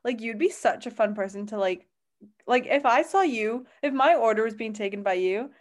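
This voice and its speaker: A woman's voice: a little high, lively intonation, moderate pace. A young woman co-hosting a podcast, rambling in casual chat with many fillers and apologies. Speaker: podcast co-host.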